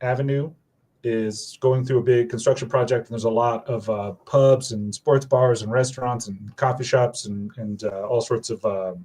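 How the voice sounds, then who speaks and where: A man's voice: mid-range voice, steady tone, normal speed, mellow. Rambling man announcing fan events. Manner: rambling, lots of fillers and self-corrections. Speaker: supporters group organizer. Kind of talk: casual chat.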